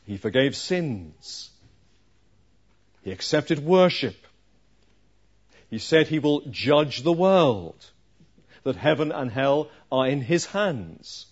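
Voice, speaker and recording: A man preaching a sermon, slow and emphatic, with dramatic pauses. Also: mid-range voice, a little mellow, highs cut off.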